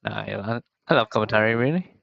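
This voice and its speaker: A young man from the UK commentates a game tournament on his own, talking slowly and wandering off topic. He keeps poking fun at himself in an easy, chatty way. His voice is smooth, and it comes through a headset with dull lo-fi sound. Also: mid-range voice, no room sound. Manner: rambling, self-mocking, chatty. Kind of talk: casual solo game commentary.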